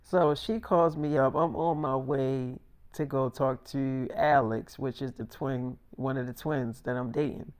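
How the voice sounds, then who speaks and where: A man's voice: medium pitch, steady tone, a little slow, a little mellow, smooth. A man casually telling a story, rambling and swearing while acting out dialogue. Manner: profane, rambling, acts out dialogue.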